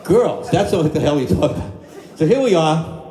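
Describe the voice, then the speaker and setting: A man's voice: fairly high pitch, lively intonation, moderate pace, warm tone. An older man, a dinner-show singer telling joking, folksy stories between songs to a live restaurant crowd. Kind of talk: crooning oldies and telling stage stories. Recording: roomy live restaurant with backing music.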